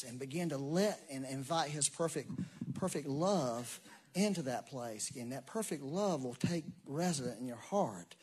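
A man, preaching a sermon in a folksy, animated way with asides and laughs. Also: medium pitch, moderate pace, husky. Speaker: pastor.

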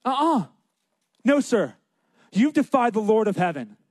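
A man's voice: high voice, animated, fairly quick, no room sound, clean studio sound, voice pushed up. A man preaching acts out a bold, defiant young shepherd boy in an eager, brash manner.

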